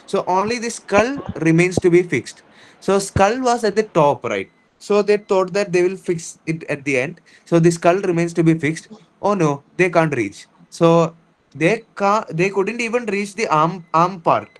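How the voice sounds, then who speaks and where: A man's voice: high-pitched, animated, rough recording. Indian man explaining a story word by word. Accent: Indian English. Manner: explains words slowly and repeats, with restarts. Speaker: English teacher. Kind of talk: online reading lesson. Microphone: online class.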